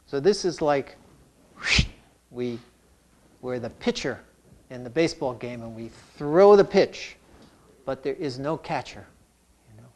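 A man who teaches Zen, giving a calm, reflective dharma talk with touches of humor. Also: mid-range voice, unhurried, pauses often.

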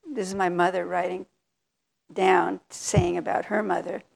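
Slow, gravelly-voiced older woman. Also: on the low side, flat delivery. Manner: slow, reflective, candid, with soft laughs. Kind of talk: personal storytelling talk.

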